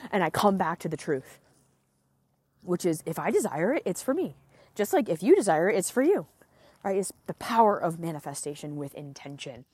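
A woman hosting a solo podcast, talking candidly and excitedly as a business coach, often swearing and filling with "like" and "right?", recorded outdoors. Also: on the low side, normal speed, husky, dry recording. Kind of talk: casual solo podcast monologue.

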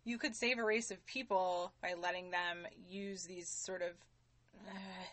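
A woman's voice: lowish voice, fairly even intonation, a little slow, a bit bright, dry recording. Chatty, swearing woman podcaster. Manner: loose, profane, lots of "like". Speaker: podcast co-host. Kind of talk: casual chat.

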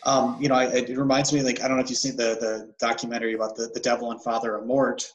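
A man hosting a relaxed chat, halting and reaching for words as he talks. His voice rings in an echoey room. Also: medium pitch, muffled recording. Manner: hesitant, searching for words with many "like" fillers. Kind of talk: casual conversation.

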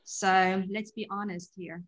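A woman's voice: medium pitch, level tone, takes it slowly. A woman interviewing an artist, chatty, with many fillers. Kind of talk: interview conversation.

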